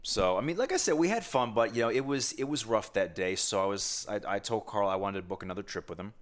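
A man telling a long fishing story in casual chat, animated and self-mocking, with many asides and restarts. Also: on the low side, quick pace.

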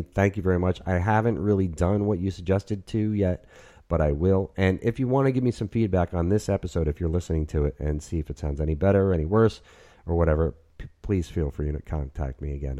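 A man in his fifties hosting a podcast, chatting in an excitable, rambling way from his apartment. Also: low voice, quick pace. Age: 50s. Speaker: podcast host. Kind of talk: casual chat.

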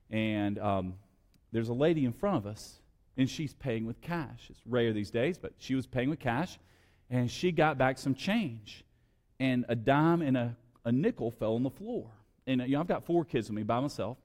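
A man preaching a sermon as pastor, telling a family story with emphatic, shifting delivery. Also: medium pitch. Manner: storytelling, emphatic, swings between loud and quiet. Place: church sanctuary. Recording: long hall reverb.

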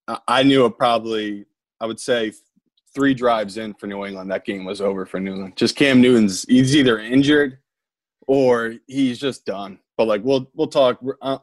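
A man co-hosting a podcast, talking sports bets in a relaxed, matter-of-fact way. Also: mid-range voice, dry recording. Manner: laid-back, calls people buddy and man. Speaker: podcast co-host. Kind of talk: casual sports betting chat.

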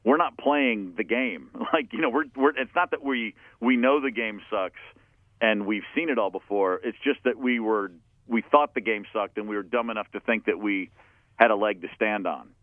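A man's voice: lowish voice, normal speed, no room sound. A man in his fifties from Atlanta, telling stories from his band's early days in a candid, profane, casual way, often acting out what people said. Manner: candid, profane, acts out quoted voices. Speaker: musician guest. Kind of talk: casual storytelling interview. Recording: tinny phone-like line, dry.

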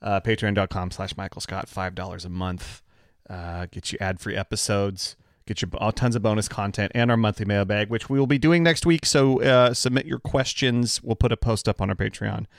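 A man's voice: lowish voice, moderate pace, vocal fry, dry recording, clean studio sound. A man who produces and co-hosts a casual podcast, upbeat and jokey as he runs through announcements.

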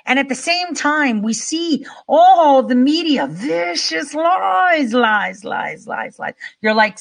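Animated, rambling middle-aged woman. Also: slow, vocal fry, hardly any pauses. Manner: rambling and animated, with swings of pitch and loudness; conversational, with fillers and mild swearing. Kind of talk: casual monologue.

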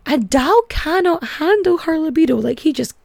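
A woman hosting a casual history podcast, chatty and irreverent, full of filler words and cheerful swearing. Her voice sits fairly high and swoops a lot, with a gravelly fry, recorded close and dry. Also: expressive, normal speed, a little mellow, dry recording. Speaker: podcast host.

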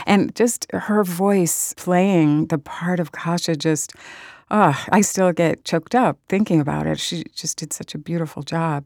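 Low-voiced woman author. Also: a little slow, a little mellow, no room sound, studio quality. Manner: earnest and enthusiastic, emotional about audiobooks. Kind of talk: answering interview questions.

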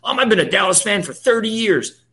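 A man's voice: high voice, expressive, brisk, pushed and bright. A man, ranting profanely as a podcast co-host in casual sports chat.

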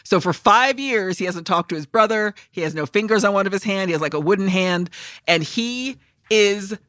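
A woman co-hosting a podcast, chatting casually about a film and loudly acting out its lines with lots of swearing. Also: medium pitch, normal speed, no echo, studio quality. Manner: animated, swearing, acts out film lines in loud voices. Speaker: podcast co-host. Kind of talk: casual movie chat.

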